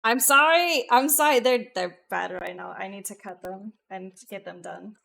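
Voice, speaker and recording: A woman VTuber streamer chatting casually with her live viewers, excitable and profane, jumping between loud bursts and muttered asides. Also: mid-range voice, moderate pace, gravelly.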